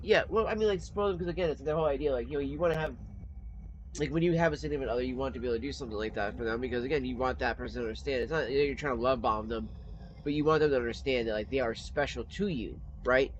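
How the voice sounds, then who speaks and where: A man streaming and chatting casually, telling stories in a blunt, profane, animated way. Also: mid-range voice, very fast, muffled recording, slight background noise. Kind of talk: casual chat while gaming.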